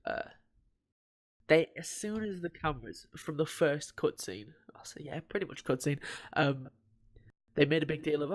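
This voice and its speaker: A man rattles through the recap in a loose, rambling way, cursing freely and laughing as he goes. His voice sits a little high for a man. It sounds like an easygoing podcast chat. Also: lively intonation, normal speed. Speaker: podcast co-host. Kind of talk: casual chat.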